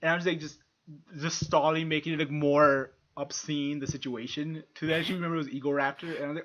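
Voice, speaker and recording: Bright-voiced laughing man. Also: a little high, steady tone, fast talker, lo-fi sound. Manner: rambling, laughs often, swears. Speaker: podcast co-host. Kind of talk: casual chat.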